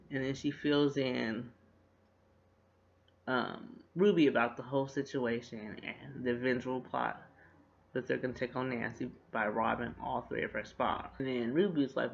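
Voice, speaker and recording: Gravelly man recapping a TV episode. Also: medium pitch, normal speed. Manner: animated retelling, acts out characters' lines with laughter. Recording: dull lo-fi recording.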